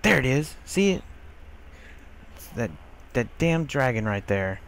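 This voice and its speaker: A man's voice: mid-range voice, big pitch swings, a little slow, vocal fry, slight background noise. A man commenting casually on a game he is playing, grumbling and scolding the characters on screen. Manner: exasperated, grumbling, talks to game characters, mild swearing. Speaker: gameplay commentator. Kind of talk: casual let's-play commentary.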